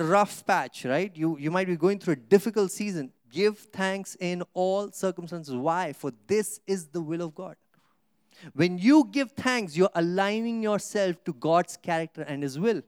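A male pastor delivers a sermon in a smooth, resonant voice pitched a little high. He drops into soft, low asides, then stretches Scripture phrases out slowly and loudly. The sound is dry and close. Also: dry recording. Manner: preaching with rhetorical questions to the congregation; swings from soft low asides to loud emphatic Scripture reading.

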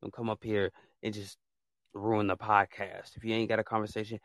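His voice is lowish and a bit bright, with a flat delivery and a slightly fast pace, recorded dry and clean in a studio. He is a podcast host delivering a blunt, fed-up rant that repeats itself and leans on casual slang.

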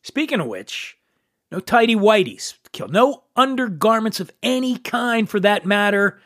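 A man's voice: sits high, big pitch swings, measured pace, fairly bright tone, no echo, studio quality. A middle-aged man hosting a podcast, delivering a crude comedic monologue with mock-macho sarcasm. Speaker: podcast host.

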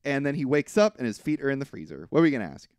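A man co-hosting a podcast, casually recapping a film in an animated way, acting out quotes and often hedging. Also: mid-range voice, rapid-fire, smooth, no room sound, studio quality. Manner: animated retelling with acted-out quotes, frequent hedging. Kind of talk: casual chat.

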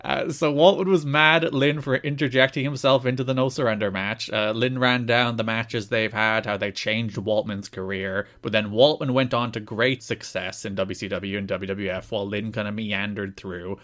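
A man's voice: on the low side, fairly even intonation, normal speed, hardly any pauses, a bit bright. A man co-hosting a wrestling podcast in casual chat, rambling and laughing often. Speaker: podcast co-host.

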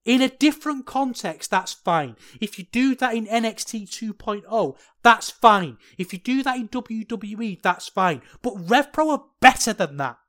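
Podcast co-host, mid-pitched voice, passionate opinionated delivery. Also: lively intonation, unhurried, hardly any pauses. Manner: impassioned ranting, then sheepish and soft. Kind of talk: casual podcast review chat.

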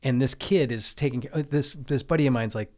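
A man's voice: mid-range voice, a little fast, darkish tone. A middle-aged man on a podcast, rambling through a profane personal anecdote in casual chat. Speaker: podcast guest or co-host. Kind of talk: casual storytelling.

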